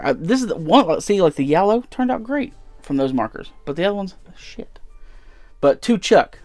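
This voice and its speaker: A man's voice: fairly high pitch, gravelly, a little mellow, dry recording. A man casually chatting through his convention haul in a rambling way, with lots of fillers. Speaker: vlogger showing convention haul. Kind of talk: casual chat.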